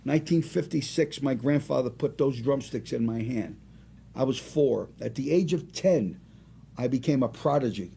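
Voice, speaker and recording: Gravelly-voiced man around seventy. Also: mid-range voice, normal speed, slight background noise. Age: about 70. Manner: animated, rambling anecdotes. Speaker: singer and restaurant owner, guest. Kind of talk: casual storytelling interview.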